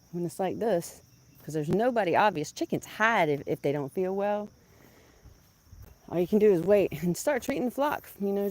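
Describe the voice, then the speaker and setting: Chatty woman fussing over chickens. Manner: chatty, laughs often, scolds her chickens in a loud high voice. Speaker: vlogger keeping backyard chickens. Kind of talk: casual chat to camera. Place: outdoors in a backyard with chickens.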